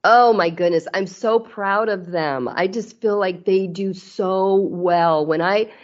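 A middle-aged woman with a mid-range voice speaks slowly as a guest in a casual podcast interview. Candid and earnest, she keeps restarting her sentences, and the audio is slightly muffled.

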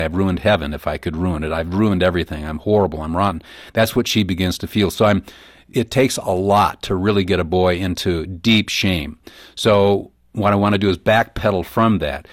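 A man being interviewed as a parenting guest, explaining his ideas and telling stories in a lively way, acting out the people in them. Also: sits low, dry recording, studio quality. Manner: animated storytelling, acts out quoted voices. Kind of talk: radio interview.

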